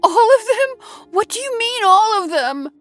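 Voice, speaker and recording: A man voicing a distraught older woman who loves her cats, in a shrill, tearful falsetto. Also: very animated, normal speed, over music. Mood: hysterical. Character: older woman, devoted cat lover, distraught. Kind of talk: horror story narration.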